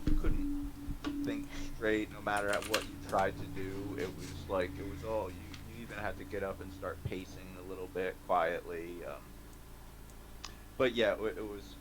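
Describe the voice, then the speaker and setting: A man's voice: fairly low pitch, background noise. A man narrating as game master over voice chat, hesitant with many filler sounds. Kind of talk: narrating a tabletop game online.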